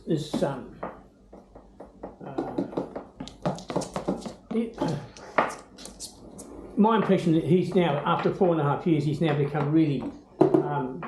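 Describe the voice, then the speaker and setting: An older Australian man chatting casually about his pet bird, rambling with many ums and breaking into high baby-talk. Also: reverberant, very noisy. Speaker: bird owner. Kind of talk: casual home video chat.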